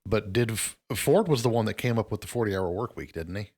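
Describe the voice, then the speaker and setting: Lower-voiced man chiming in on a podcast. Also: expressive, fairly quick, a little mellow. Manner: wry, chiming in with questions and quips. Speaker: podcast co-host. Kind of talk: casual podcast discussion.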